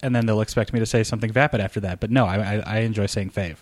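A man's voice: fairly low pitch, steady tone, very fast, no echo. A man co-hosting a podcast, chatting casually with a teasing, joking manner. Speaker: podcast co-host. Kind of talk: casual chat.

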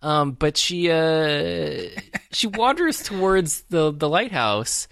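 A man's voice: a little high, lively intonation, slow pace, vocal fry, a bit bright, no echo, clean studio sound. A man co-hosting a podcast, talking casually about a film with many fillers and restarts. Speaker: podcast co-host.

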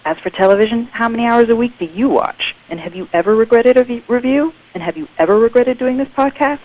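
A woman putting on a loud, perky woman reality show contestant in a muffled phone message. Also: fairly high pitch, quick pace, voice pushed up, close to an everyday voice. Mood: brash.

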